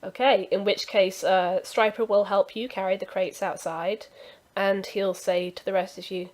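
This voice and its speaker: A woman's voice: medium pitch, fairly even intonation, moderate pace, a little mellow. A woman narrating as game master, chatty and full of restarts. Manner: chatty, with many fillers and restarts.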